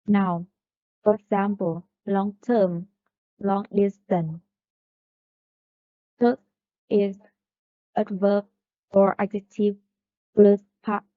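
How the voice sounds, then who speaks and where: A woman's voice: medium pitch, no echo. A woman reading a class presentation on stressing compound words, carefully listing examples. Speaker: student presenter. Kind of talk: reading a pronunciation lesson. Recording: dry phone-like recording.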